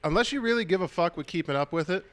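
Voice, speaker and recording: Young man, podcast co-host, slightly higher voice, excitable, laughs a lot. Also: very fast. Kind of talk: casual chat.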